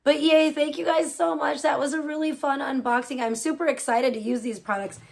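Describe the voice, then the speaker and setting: A young woman talks loosely on a late-night live stream, her voice sitting a little high. She rambles from one thing to the next with constant fillers and throws in casual swearing. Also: fairly even intonation, fairly quick, creaky.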